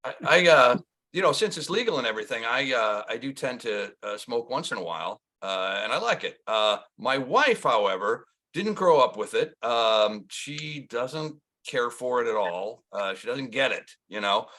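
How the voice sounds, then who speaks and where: A man in his sixties from Wisconsin, doing a rambling stand-up set with lots of halting pauses and restarts. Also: mid-range voice, expressive, sharp tone. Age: 60s. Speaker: stand-up comedian.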